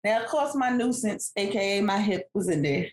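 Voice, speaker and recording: A woman, casually telling a family story as a podcast co-host, animated and laughing often. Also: mid-range voice, normal speed. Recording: echoey room.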